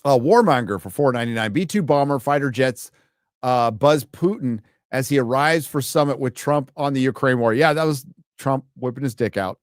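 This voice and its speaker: A man's voice: mid-range voice, normal speed, no echo, studio quality. A man hosting a live stream, ranting in sarcastic, profane, combative commentary.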